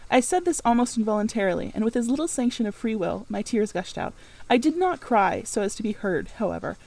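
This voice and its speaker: Female audiobook narrator, measured and earnest, voice pitched a little high. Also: sing-song, vocal fry, darkish tone, poor audio. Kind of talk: scripted narration.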